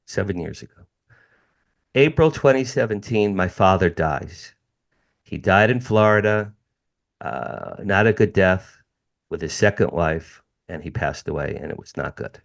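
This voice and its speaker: A man's voice: fairly low pitch, expressive, unhurried, vocal fry. A middle-aged man from the United States, a podcast guest telling a personal story with emphatic repetition and direct asides to the hosts. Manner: emphatic, repeats phrases, addresses listeners as "you guys".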